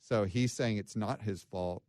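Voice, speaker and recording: Low-voiced man telling a story, dry sound. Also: measured pace, a little mellow, no room sound. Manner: recounts a case, many ums and restarts. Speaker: podcast host. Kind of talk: casual storytelling chat.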